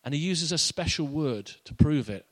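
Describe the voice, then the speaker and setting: A man's voice: a little high, animated, normal speed, dry recording. A man preaching a sermon as a pastor, in a conversational, playful way with asides.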